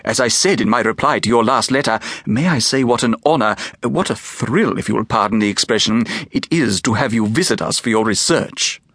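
A man voicing a small, shy and courteous museum keeper who talks in a polite, eager and quick manner for an audiobook. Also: medium pitch, a bit bright, no room sound, studio quality. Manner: polite, eager, rapid and fussy. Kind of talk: audiobook character voice.

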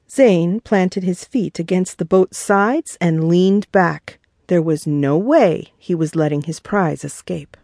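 A woman, the author, narrating her own children's audiobook in a measured way. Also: fairly low pitch, mellow, no echo, studio quality. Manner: slow, measured reading.

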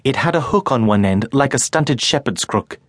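A man narrating a children's audiobook in a measured storytelling manner. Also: medium pitch, lively intonation, dry recording. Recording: dry studio recording.

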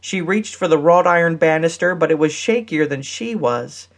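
A woman narrating a romance audiobook in a measured, steady reading style. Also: deep voice. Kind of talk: scripted narration.

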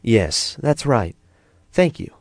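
A man voicing a patient, gentle mother who speaks softly and approvingly in a children's storybook. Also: lowish voice, very animated, moderate pace, dry recording, pitched above the performer's own voice. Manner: soft, approving.

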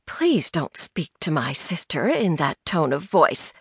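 A woman's voice: low voice, big pitch swings, measured pace, gravelly, breathy edge, dry recording, clean studio sound, heavily acted. A woman voicing a cool, cutting woman who speaks in a sickeningly sweet way. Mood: icy sweet.

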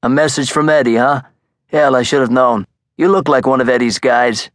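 A man voicing an obese, mocking mobster with a Brooklyn accent, loud and brash. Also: mid-range voice, expressive, moderate pace, no room sound, pitched above the performer's own voice, natural voice.

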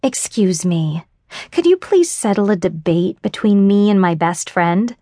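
Casting: female narrator doing a bold, teasing best friend, unhurried, dry studio sound. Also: mid-range voice, expressive, dark tone, dry recording. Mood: flirty. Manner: teasing, forward. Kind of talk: audiobook character voice.

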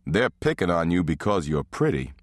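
A man voicing a gruff, bantering husband and father in an audiobook, grumbling in a dry way. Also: deep voice, big pitch swings, normal speed, dry recording.

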